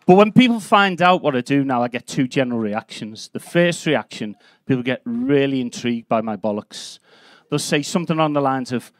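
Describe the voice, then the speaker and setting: A man's voice: medium pitch, animated, a little fast, dry recording. Brash, sweary Scouse comedian in his fifties. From Liverpool, England. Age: 50s. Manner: brash, sweary, punchy storytelling. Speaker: stand-up comedian. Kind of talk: live stand-up set. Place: comedy club stage.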